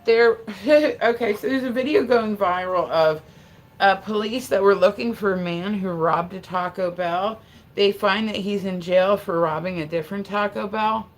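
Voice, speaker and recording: A woman's voice: mid-range voice, normal speed. A woman hosting a casual livestream, chatting with viewers in a rambling way, laughing often and swearing freely. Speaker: livestream host.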